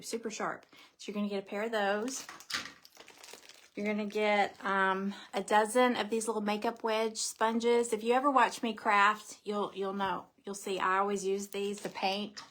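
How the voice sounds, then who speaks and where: A woman's voice: mid-range voice, noisy background. A middle-aged woman, hosting a casual craft live stream, chatty and bubbly, greeting viewers by name.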